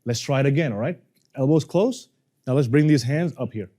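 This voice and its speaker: Man, workshop coach, playful and animated, addressing a room full of people. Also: mid-range voice, a little fast. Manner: animated, playful, jokes with audience. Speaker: communication coach. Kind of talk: live workshop teaching. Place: seminar room with audience.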